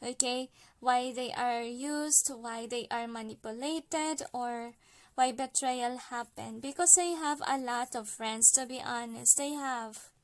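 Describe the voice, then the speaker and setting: A woman's voice: on the high side, slow. A woman from the Philippines giving a casual spoken card reading, chatty, with many fillers, often ending her points with "okay?". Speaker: card reader.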